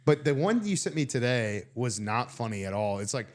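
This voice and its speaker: A man's voice: medium pitch, big pitch swings, normal speed. A man co-hosting a comedy podcast, teasing his partner in casual banter. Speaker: podcast co-host.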